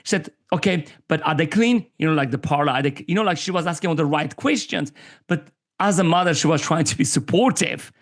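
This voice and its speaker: A man's voice: a little high, fast talker. A man from Armenia in his forties, a podcast guest talking candidly and acting out the voices of people he quotes. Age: 40s. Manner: animated storyteller who acts out quoted voices. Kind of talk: candid conversational interview.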